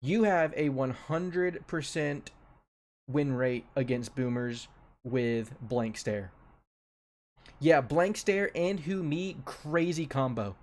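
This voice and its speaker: A man's voice: mid-range voice, takes it slowly. A young man giving casual commentary as a streamer ranking a tier list, offhand and loose, often repeating his own phrases.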